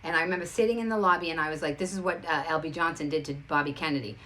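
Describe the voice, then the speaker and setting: Female host, low-pitched, rapid and emphatic, storytelling to camera. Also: fairly even intonation, fairly bright tone. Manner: rapid, emphatic, restarts a lot. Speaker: show host.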